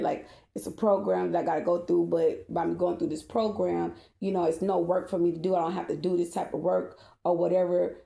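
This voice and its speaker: Mad mom ranting and cussing, gravelly dark voice, echoey room. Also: female voice, fairly low pitch, little pitch movement, brisk, few pauses. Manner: cursing, heated and repetitive, rising to shouting. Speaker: mother venting to viewers. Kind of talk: angry rant to camera.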